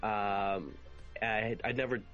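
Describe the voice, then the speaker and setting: Brief: sick, hoarse male podcaster, offhand delivery, muffled audio, faint music. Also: on the low side, slow pace, a bit bright. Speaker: podcast co-host. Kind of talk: casual podcast chat.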